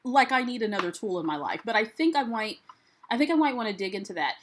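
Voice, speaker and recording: An American woman with a somewhat high voice hosts a relaxed live stream. She chats freely and greets her viewers one by one with an upbeat manner as she reads out their comments. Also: quick pace. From United States. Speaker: livestream host. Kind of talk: casual live-stream chat.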